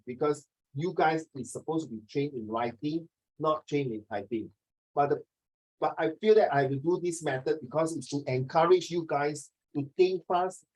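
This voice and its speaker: Brief: a man teaching English over a video call, with a slightly high voice, fast, and teasing his students. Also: darkish tone, rough recording. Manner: fast, joking, sprinkles "ah" and "okay".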